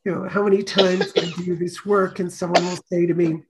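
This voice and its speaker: Gravelly-voiced woman teaching a class. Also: fairly low pitch, fairly even intonation, a little fast, few pauses, darkish tone. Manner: storytelling, acts out quoted voices. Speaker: course teacher.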